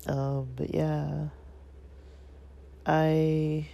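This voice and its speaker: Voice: mid-range voice, little pitch movement, extremely slow, gravelly, dark tone. A vlogger with a stuffy nose talking to the audience in a casual, reflective monologue, hesitant and rambling with many fillers.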